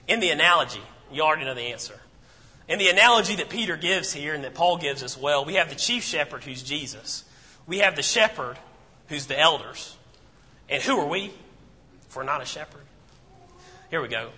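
The preacher's high voice rings bright and forceful as he addresses the congregation in a conversational sermon. Rhetorical questions and repeated phrases drive his points home, and the assembly room adds long reverb.

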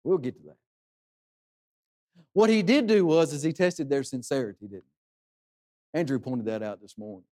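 A man's voice: medium pitch, moderate pace, long pauses, darkish tone. A man preaching a sermon in an earnest way, asking rhetorical questions and dropping his voice for emphasis.

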